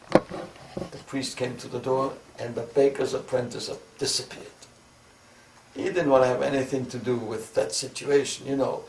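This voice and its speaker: The interviewee, an older man with a Viennese accent and a creaky, medium-pitched voice, shares memories for an oral history interview. He narrates deliberately, bringing remembered conversations to life. The interview room sound is roomy, with noise from a distant mic.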